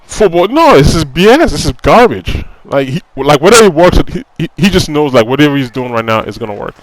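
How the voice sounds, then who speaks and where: A man's slightly high, sing-song voice moves briskly as he casually commentates on a football video game he's playing, ranting with frustration. As a gaming commentator, he keeps saying "you know" and repeating phrases. The poor audio carries a bit of hiss or hum.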